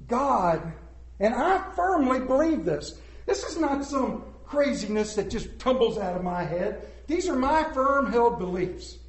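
A man preaching to a room of listeners in a folksy, joking storytelling style, dropping to a hush and rising again. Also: high voice. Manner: joking storyteller, swings between loud and hushed. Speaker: preacher speaking to a congregation. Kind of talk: folksy sermon. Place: large hall with an audience. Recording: roomy echoing hall.

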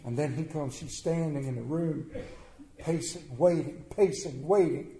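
A man preaching a sermon as a folksy, plainspoken storyteller who swings between loud and hushed delivery. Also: fairly high pitch, a little slow, a little hiss or hum. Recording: echoey room.

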